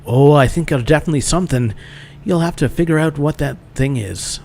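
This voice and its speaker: A warm-hearted lady healer and paladin teacher speaks with a shaky, overdone Irish accent, put on by a man. Her voice sits high and loud. A faint ambient hum runs behind her. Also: a little fast, creaky. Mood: cheerful. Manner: put-on, wobbly lilt, cheerful.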